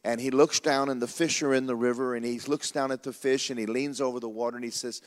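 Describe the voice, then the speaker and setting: Folksy male pastor, animated sermon storytelling, reverberant hall. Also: medium pitch, fast talker, few pauses.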